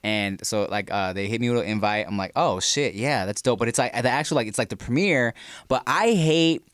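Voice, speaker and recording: A man's voice: mid-range voice, a little fast, fairly bright tone, no echo, studio quality. A man co-hosting a podcast, telling stories in casual chat, swearing freely and slipping into playful put-on voices. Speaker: podcast co-host.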